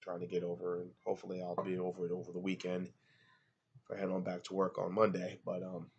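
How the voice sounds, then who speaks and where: Deep gravelly congested man, rambling. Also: completely flat delivery, a little fast, a little mellow, dull audio. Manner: rambling, hesitant with many fillers. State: congested, nasal. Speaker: beer reviewer. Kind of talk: casual home review vlog. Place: at home, moving between rooms. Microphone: laptop built-in mic.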